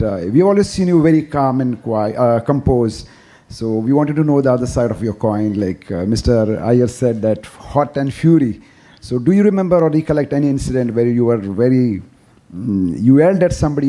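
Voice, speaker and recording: A man's voice: mid-range voice, mellow. A man from the audience asks a polite, hesitant question, laughing lightly. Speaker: audience member asking a question.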